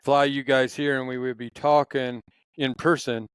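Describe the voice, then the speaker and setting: A man's voice: mid-range voice, little pitch movement, moderate pace, smooth, no echo, poor audio. A man in casual conversation, telling stories in a rambling, passionate way, with many restarts. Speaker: podcast guest.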